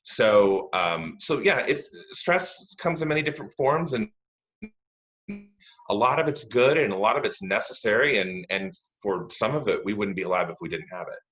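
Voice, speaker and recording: A man's voice: on the low side, animated, moderate pace, fairly bright tone. A middle-aged man, a guest on a video call, explaining stress management in a hesitant way with many ums and restarts. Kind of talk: conversational explanation.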